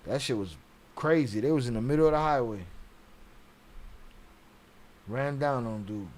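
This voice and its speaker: A man's voice: mid-range voice, measured pace, a little mellow. A man hosting a casual live stream, reading chat aloud and talking bluntly with heavy profanity and frequent laughs.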